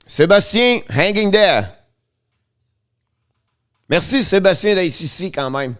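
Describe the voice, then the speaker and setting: Excitable hockey streamer. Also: male voice, sits high, unhurried, clear, resonant tone. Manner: excitable, switches between English and French, talks to chat viewers. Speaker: hockey live-stream host. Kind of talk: live play-by-play commentary with chat.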